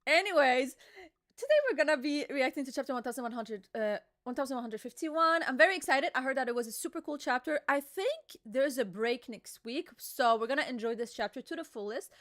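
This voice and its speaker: Woman streamer, high and bright, playful bickering live-chat host. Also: expressive, fairly quick.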